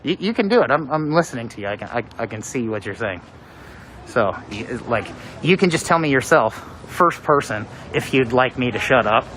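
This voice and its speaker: A woman's voice: very deep voice, expressive, normal speed, fairly bright tone. A woman livestreaming from a city street protest, taunting people with sarcastic, profane remarks. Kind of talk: live street stream commentary. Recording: phone audio with street crowd noise.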